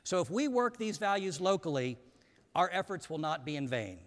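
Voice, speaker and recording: A man delivering a prepared speech from a stage in a measured, formal manner, introducing a panel at a conference. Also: a little high, very animated. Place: large conference hall. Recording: reverberant hall.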